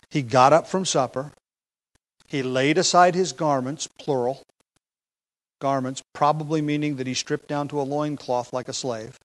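A man's voice: a little high, poor audio. A man preaching an expository sermon, explaining a text with emphasis, occasional fillers and light chuckles.

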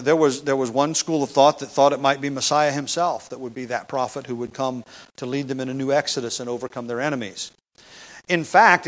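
A man's voice: mid-range voice, fairly bright tone. A man teaching a Bible passage in a conversational sermon, with restarts and rhetorical questions. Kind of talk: expository sermon.

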